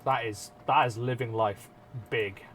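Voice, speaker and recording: A man's voice: mid-range voice, fairly even intonation, measured pace, fairly bright tone, a little hiss or hum. A man streaming live, chatting casually and self-mockingly with his viewers and swearing freely as he works.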